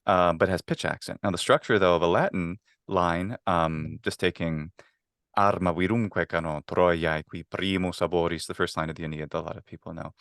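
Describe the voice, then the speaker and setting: A man's voice: low-pitched, brisk, gravelly, hardly any pauses, fairly bright tone, no room sound, studio quality. A man being interviewed about Latin, talking eagerly in a casual way, with many fillers and restarts. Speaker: guest, Latin teacher.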